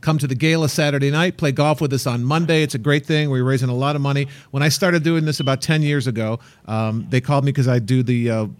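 A man's voice: medium pitch, steady tone, quick pace, few pauses, no room sound. A male podcast host in casual chat, talking in a playful, teasing way.

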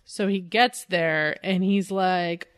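A woman's voice: on the low side, steady tone, slow, smooth. A woman co-hosting a casual comedy podcast, animatedly retelling a comic story, swearing and laughing often. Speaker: podcast co-host.

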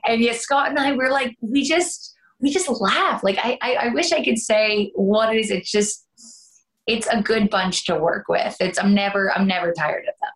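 A woman's voice: mid-range voice, normal speed. A Canadian woman, an actress, chatting in an interview, talkative with laughing asides. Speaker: soap opera actress, guest. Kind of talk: casual interview chat.

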